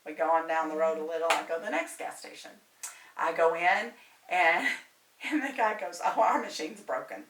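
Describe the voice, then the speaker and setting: A woman's voice: fairly low pitch, normal speed. A woman, a medium and tarot reader, telling a story in casual chat, talking a lot and laughing often. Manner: animated, chatty, laughs often. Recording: roomy, distant mic, faint noise.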